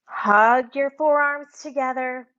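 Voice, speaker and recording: Calm woman guiding a yoga class. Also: high-pitched, slow, lo-fi sound. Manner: calm, conversational, with breathy demonstration sounds. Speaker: yoga instructor. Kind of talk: guided yoga class instruction.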